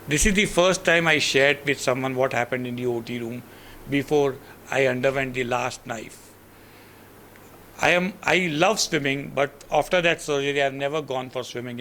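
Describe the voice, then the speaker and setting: A man's voice: mid-range voice, sharp tone, a little hiss or hum. A man with an Indian accent giving a motivational storytelling lecture to students, earnest and full of "you know" asides. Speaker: guest lecturer.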